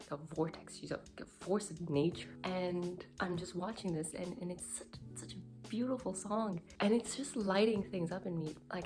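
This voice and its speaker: A young woman recording a casual video diary about her life coach training, rambling and candid, with constant fillers. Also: on the low side. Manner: rambling, heavy use of "like", emotional and candid.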